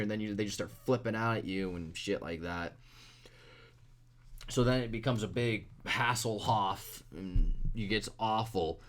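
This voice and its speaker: A man's voice: fairly low pitch, measured pace. A young man ranting blunt, profane advice to other artists in a casual vlog.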